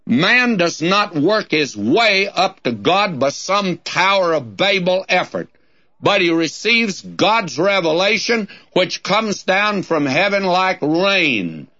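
On a taped radio program, a Southern Californian man teaches the Bible in a high-pitched, very animated, sharp voice at a slow pace. He reads scripture in King James cadence and folksily calls listeners friend, on a dull lo-fi tape recording.

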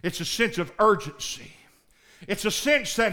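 A male pastor preaching a sermon, dropping to low murmurs and rising to shouted, pleading prayers. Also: sing-song, a little slow.

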